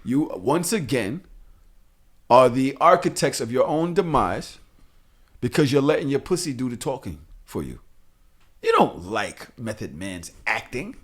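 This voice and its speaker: A man hosting a podcast in casual, profane chat, animated and often laughing. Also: medium pitch, measured pace. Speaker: podcast host.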